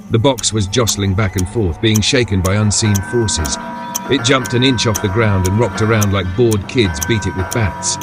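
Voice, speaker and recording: A male horror storyteller with a low voice, reading in the first person at a measured pace. Music plays beneath the narration. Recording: background music under voice.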